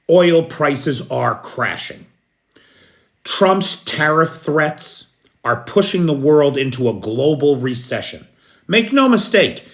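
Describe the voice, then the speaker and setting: An American man hosting a casual live news stream at night, greeting viewers by name in an unhurried way. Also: fairly high pitch, a bit bright. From United States. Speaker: news host. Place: apartment in a city at night.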